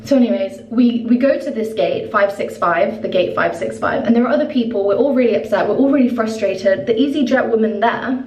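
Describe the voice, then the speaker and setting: A woman's voice: a little high, fairly quick, hardly any pauses. Chatty young woman in an echoey room. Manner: chatty, animated retelling full of "like". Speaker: vlogger. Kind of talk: casual storytime vlog. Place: at home. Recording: roomy echo, distant mic, faint noise.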